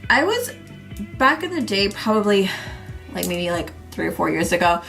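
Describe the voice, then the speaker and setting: A woman's voice: mid-range voice, sing-song, normal speed, creaky, fairly bright tone, faint music behind. Congested young woman chatting through makeup. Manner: chatty, rambling, lots of fillers. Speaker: beauty vlogger. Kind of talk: casual makeup tutorial chat.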